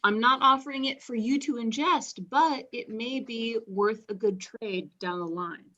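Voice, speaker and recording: Woman, player, bright voice, slow, dull lo-fi recording. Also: fairly high pitch. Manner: apologetic, pleading in character.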